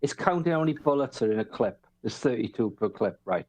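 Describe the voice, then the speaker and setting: A man's voice: medium pitch, expressive, fairly quick, darkish tone. A man, a guest trader, explaining ideas through long, profane analogies in casual chat.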